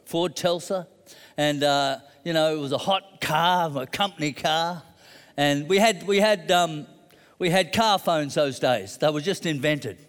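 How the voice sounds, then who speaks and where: A man's voice: a little high, unhurried, smooth, big-room sound. A middle-aged man preaching a sermon, telling a personal story conversationally and building to emphatic declarations.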